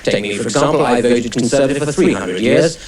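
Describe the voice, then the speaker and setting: A man's voice: medium pitch, fast talker, a little mellow, slight background noise, natural voice. A man putting on a plummy pompous old Tory. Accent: posh Home Counties English. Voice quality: plummy, drops his R's. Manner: self-important, blustering. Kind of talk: stand-up character bit. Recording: roomy TV studio stage, distant mic. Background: studio audience laughing.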